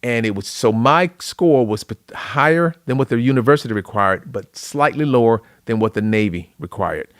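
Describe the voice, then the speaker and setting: A middle-aged man from Louisiana, a podcast guest, telling an emotional personal story in an earnest, animated way. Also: mid-range voice, moderate pace, few pauses, dry recording, studio quality. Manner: earnest, tearful at moments, animated retelling.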